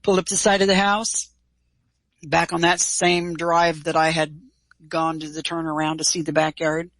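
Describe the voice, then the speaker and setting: A woman's voice: sits low, moderate pace, no echo, low-quality recording. Middle-aged woman retelling a story, dry sound. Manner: lively, animated retelling with quoted dialogue and casual cursing. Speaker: guest. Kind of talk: personal storytelling in an interview.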